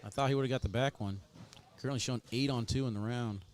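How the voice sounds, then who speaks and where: A man's voice: mid-range voice, fast talker. A man giving casual, chatty play-by-play commentary on a cornhole match, joking with his co-host.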